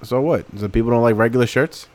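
A man's voice: mid-range voice, quick pace, a little mellow, dry recording. A man co-hosting a podcast, trading jokes and teasing banter in casual chat. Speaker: podcast co-host.

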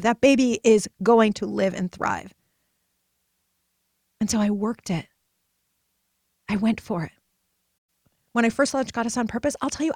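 A woman hosting a motivational podcast, telling her own story with emphatic, personal delivery that swings between soft and loud. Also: a little high, no room sound, clean studio sound. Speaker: podcast host and purpose coach. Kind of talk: motivational solo podcast talk.

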